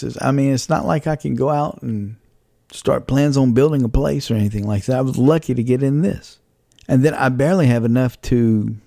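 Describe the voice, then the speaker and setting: Gravelly man musing on a podcast. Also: medium pitch, mellow, no room sound, studio quality. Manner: rambling and reflective, with many restarts. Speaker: podcast host. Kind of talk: casual faith-based podcast monologue.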